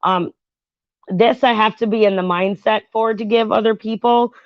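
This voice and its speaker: A woman runs her own channel, doing a casual tarot reading while chatting about a reality show. She rambles with fillers and asides to viewers in a steady, mid-range voice at normal speed. The audio is dull, with no echo.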